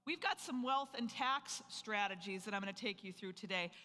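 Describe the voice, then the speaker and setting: Seminar presenter from north dakota, bright edge, energetic, rhetorical questions, long hall reverb. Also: medium pitch, moderate pace, a little hiss or hum. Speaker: financial planning presenter. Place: event hall with a live audience.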